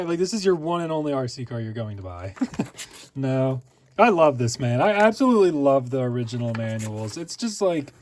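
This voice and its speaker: A young man doing a casual unboxing vlog, rambling and breaking into excited high exclamations as he goes. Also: moderate pace. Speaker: RC car vlogger.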